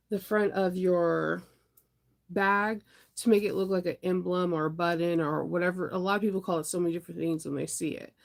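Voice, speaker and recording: A woman chats on a casual livestream, her voice stuffed up with congestion. She sits a little low with a gravelly fry, rambling cheerfully from one thought to the next. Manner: rambling, upbeat, answers viewer comments. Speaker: vlogger.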